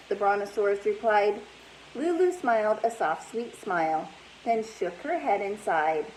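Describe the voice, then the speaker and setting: A woman, a teacher, reading a storybook aloud in an animated way and asking her listeners questions. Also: mid-range voice, a little slow, a little hiss or hum, rough recording.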